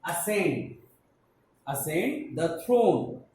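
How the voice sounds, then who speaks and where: Slow-spelling Indian teacher in an echoey room. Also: male voice, high voice, big pitch swings, darkish tone. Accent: Indian English. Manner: spells letters slowly and repeats syllables. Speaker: school teacher. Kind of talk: slow classroom explanation, spelling out words. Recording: echoey room, mic at a distance, faint hiss.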